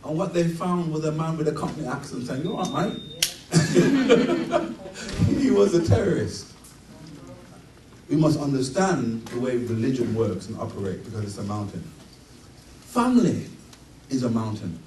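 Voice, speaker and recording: A middle-aged man giving an emphatic sermon at a conference, his voice swelling to loud peaks. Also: mid-range voice, expressive, moderate pace. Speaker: conference speaker. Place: conference hall. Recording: roomy hall, distant mic, faint noise.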